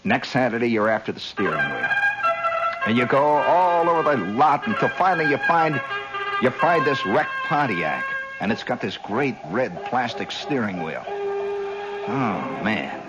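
Animated rambling male radio storyteller. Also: mid-range voice, unhurried, over loud music, rough recording. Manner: rambling, animated, acts out scenes with sound effects. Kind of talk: improvised radio monologue.

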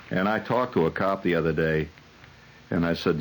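A man's voice: deep voice, a little fast, poor audio. A man who hosts on the radio, telling a rambling, wry comic monologue full of digressions and hesitations. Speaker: radio host.

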